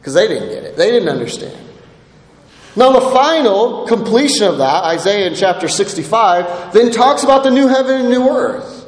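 Preacher guy, really high voice, keeps saying right?, big echoey church sound. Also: expressive. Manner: earnest, repeats "right?" often, reads scripture slowly. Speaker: pastor. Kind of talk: sermon. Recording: echoey hall with long reverb.

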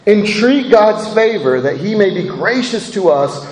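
A man preaching a sermon with a lively, high voice that swoops up and down. He speaks conversationally, often tossing in "right?" to his listeners. The sound is roomy, with a long hall reverb. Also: a little slow, slight background noise. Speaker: pastor.

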